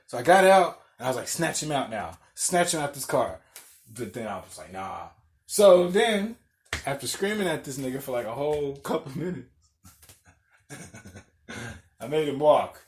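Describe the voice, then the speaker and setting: A young man hosting a podcast, telling a story in a loud, animated, profane way, acting out what people said and laughing often. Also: medium pitch, moderate pace, slight background noise. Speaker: podcast host. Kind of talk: casual storytelling rant.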